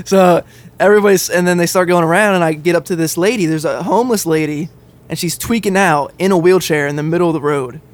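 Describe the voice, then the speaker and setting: A man co-hosting a podcast, telling a story in casual chat, animated and swearing freely as he laughs along. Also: on the high side, fairly quick. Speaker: podcast co-host.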